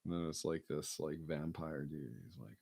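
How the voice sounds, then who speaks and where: A man's voice: a bass voice, level tone, normal speed, a little mellow, husky, no room sound. A man in casual, meandering chat, joking and swearing with lots of fillers.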